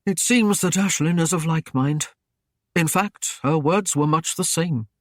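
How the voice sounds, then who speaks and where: Male narrator voicing a careful, nervous young servant, higher pitch, close dry read. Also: measured pace, no room sound, natural voice. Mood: earnest. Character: anxious loyal young male Saxon servant.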